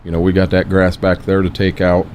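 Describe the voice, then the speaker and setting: A man's voice: low voice, completely flat delivery, fairly quick, a little mellow, slight background noise. An older man casually chatting while playing a farming game, rambling and plain-spoken. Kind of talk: casual gameplay chat.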